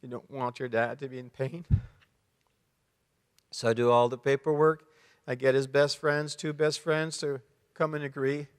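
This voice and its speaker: A man's voice: medium pitch, fairly even intonation, smooth. Canadian man, middle-aged, earnest storyteller at a men's conference, resonant tone, reverberant big room. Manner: emotional storytelling, pauses and restarts. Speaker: conference speaker. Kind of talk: personal testimony talk. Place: large conference hall. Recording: long hall reverb.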